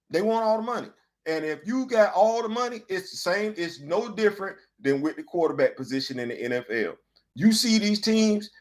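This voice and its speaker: High-voiced man ranting about sports. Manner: animated, rhetorical questions, colloquial. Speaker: host. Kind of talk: casual opinion commentary.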